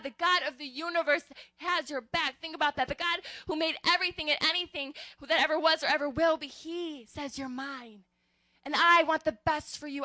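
High, bright-voiced young woman preaching. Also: no room sound. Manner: earnest and animated, addresses listeners as "guys". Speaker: youth preacher. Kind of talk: casual sermon.

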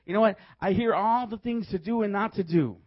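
A man preaching a sermon, telling stories in a lively way and laughing often as he goes. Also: high-pitched, a little fast, no echo, lo-fi sound. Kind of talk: sermon with storytelling.

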